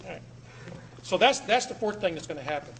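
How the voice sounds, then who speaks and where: A man giving a public talk to a live audience in a room, emphatic, repeating words and swinging between loud and low. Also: animated, brisk, creaky, slight background noise. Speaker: speaker addressing an audience.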